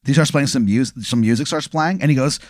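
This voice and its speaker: A man's voice: mid-range voice, brisk, dry recording, clean studio sound. Rambling man telling a silly story. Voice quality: rambling, filler-heavy storytelling. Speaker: podcast co-host. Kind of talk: casual comedic chat.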